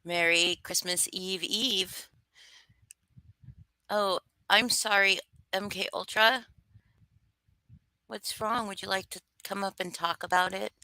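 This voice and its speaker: A woman's voice: mid-range voice, fairly even intonation, slow pace, long pauses, bright, forceful tone, no room sound. A young woman hosting a casual livestream, greeting viewers by name and teasing them with mock-rude jokes. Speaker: livestream host greeting chat.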